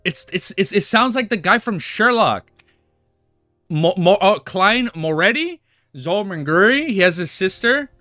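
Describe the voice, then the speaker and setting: Excitable high-pitched young man streaming. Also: measured pace, no echo, clean studio sound, soft background music. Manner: excitable, restless, trips over his words. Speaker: streamer reading and reacting to a web novel. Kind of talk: casual live-stream chat.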